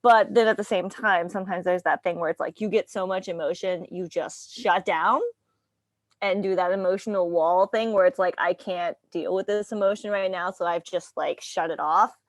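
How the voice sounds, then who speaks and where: A woman talking candidly in a casual group video call, often laughing and trailing off softly. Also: fairly low pitch, fairly even intonation, moderate pace, no room sound, studio quality. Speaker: roundtable participant.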